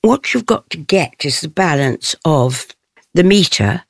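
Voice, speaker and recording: An older stage actress giving an interview. She speaks in a thoughtful, measured way and laughs softly often. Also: sits low, animated, gravelly, husky, no room sound, studio quality.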